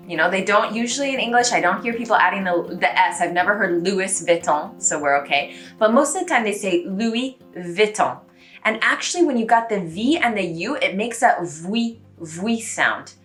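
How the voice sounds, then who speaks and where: A woman's voice: mid-range voice, fairly bright tone. Chatty American woman teaching pronunciation. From United States. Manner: chatty, repeats words slowly for practice. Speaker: language teacher. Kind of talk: casual pronunciation lesson.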